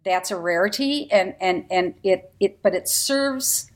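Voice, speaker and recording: A woman string quartet musician guesting on a radio interview, with a mid-range voice. She speaks emphatically and expressively, her pitch swinging up and down as she makes her points. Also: measured pace.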